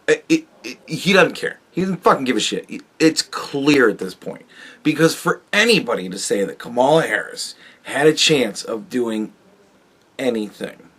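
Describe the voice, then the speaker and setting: A man hosting his own show, ranting about politics in a profane, animated way, with loud outbursts and low mutters. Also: normal speed, husky. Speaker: podcast host.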